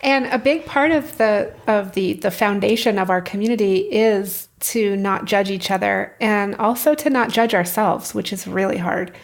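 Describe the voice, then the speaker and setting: A woman's voice: mid-range voice, moderate pace, hardly any pauses. A woman hosting a podcast interview, answering her guest with short affirming interjections. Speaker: podcast host. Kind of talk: interview conversation.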